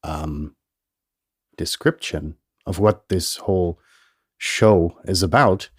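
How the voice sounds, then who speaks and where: A man hosts his own podcast, rambling and swearing and laughing at himself. He talks slowly in a very low voice that still sounds a little nasal from a cold. The close mic is dry, with no room sound. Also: dry recording. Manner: rambling, profane, self-amused. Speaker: podcast host. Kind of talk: casual solo podcast monologue. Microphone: headphones and studio mic.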